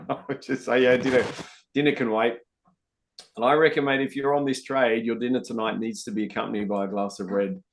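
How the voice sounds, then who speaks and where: A man's voice: mid-range voice, steady tone, fairly quick, creaky, a little hiss or hum. A man hosting a live trading session, chatting casually to viewers and calling them guys and mate. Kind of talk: live-stream trading commentary.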